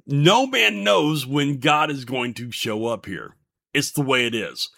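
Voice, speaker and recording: A man's voice: mid-range voice, lively intonation, a little slow, creaky, pushed and bright. A man in his fifties, the show's host, sharing a faith testimony between songs in an earnest, folksy, preacher-like way. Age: 50s.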